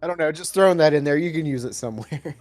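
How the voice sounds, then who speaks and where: Playful podcast man, somewhat high voice. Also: darkish tone, no echo, soft background music. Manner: playful storytelling with quick jokes. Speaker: podcast co-host. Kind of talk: casual movie recap chat.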